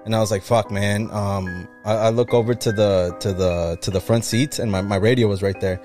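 A man telling a story in a casual podcast chat, animated and swearing, slipping into Spanish phrases. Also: fairly low pitch, brisk, faint music behind.

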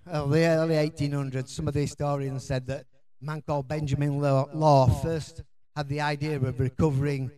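A man's voice: medium pitch, flat delivery, normal speed, mellow. A middle-aged Yorkshire man gives a conference talk in a chatty, informal way. He rambles, restarts his sentences and fills gaps with ums and uhs. His Yorkshire accent is plain throughout. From Yorkshire, England. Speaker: conference speaker.

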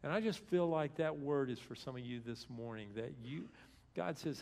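A man's voice: mid-range voice, normal speed, a little mellow. A man giving a conversational sermon as a guest speaker in a church, retelling scripture in plain everyday speech.

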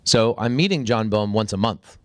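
A man talking as a podcast guest, telling a story with energy and jumping into high, excited voices when he acts out what people said. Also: moderate pace, no echo, studio quality. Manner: acts out quoted dialogue with sudden high-pitched bursts. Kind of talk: animated storytelling in conversation.

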